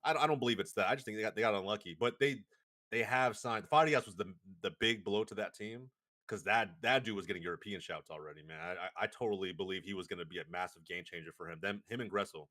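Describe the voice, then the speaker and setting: A man co-hosting a casual sports talk show, emphatic and animated, repeating his points and laughing often. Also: fairly low pitch, fast talker. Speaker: podcast co-host.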